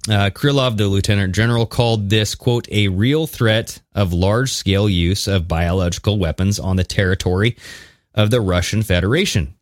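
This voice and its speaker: A man with a lowish voice co-hosts a podcast, talking in a lively, conspiratorial way and cutting in with jokes as he reads from articles. He is recorded close and dry, with no room sound. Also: moderate pace, no echo. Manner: animated, conspiratorial, mixes reading with jokes. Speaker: podcast co-host. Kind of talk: casual chat.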